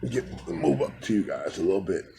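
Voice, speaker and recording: A spiritual vlogger films himself indoors, chatting casually and rambling as he speaks to his viewers directly and with affection. His voice is low, mellow and animated, with a brisk pace and a faint hiss or hum in the background.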